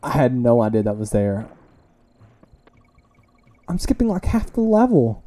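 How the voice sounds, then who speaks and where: A young man casually commenting while he plays a video game, chatty and self-mocking, with sudden loud reactions to close calls. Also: medium pitch, very animated, unhurried. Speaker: let's play gamer.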